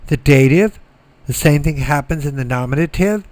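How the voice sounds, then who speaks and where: A middle-aged man giving a recorded lecture, slow and methodical, repeating words so students can follow. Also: fairly high pitch, a little mellow, no room sound. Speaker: Greek teacher.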